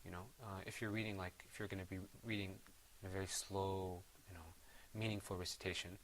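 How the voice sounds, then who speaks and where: A man teaching Quran recitation, patiently encouraging his students and trailing off softly after each bit of praise. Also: low-pitched, flat delivery, fairly quick, a little hiss or hum. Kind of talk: gentle classroom instruction.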